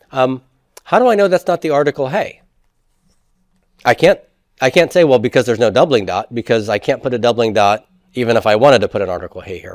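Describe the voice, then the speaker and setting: A man at an ordinary middle pitch gives a grammar lecture. He talks things through by posing questions and then answering them. The sound is dry and close, with no room echo. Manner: explanatory, asks rhetorical questions and answers them. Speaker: Hebrew instructor. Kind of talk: classroom lecture.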